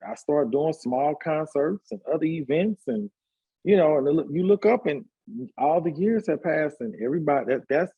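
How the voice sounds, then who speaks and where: Husky man in his fifties telling his story. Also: on the high side, moderate pace, narrow, tinny audio. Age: 50s. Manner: relaxed storytelling with frequent fillers. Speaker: guest, hairstylist and party promoter. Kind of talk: casual conversational interview.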